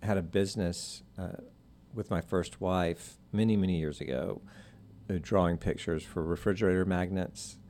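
A deep-voiced middle-aged man from Alabama talks through an easy, laid-back interview. He stretches his words out and chuckles along, never in a hurry. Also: steady tone, moderate pace, darkish tone. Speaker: guest, author and artist. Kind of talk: casual interview chat.

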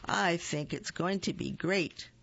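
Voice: mid-range voice, takes it slowly, creaky, fairly bright tone, no room sound, dull audio, heavily acted. A storybook reader voicing a big, friendly, cuddly bear who talks in an easygoing way.

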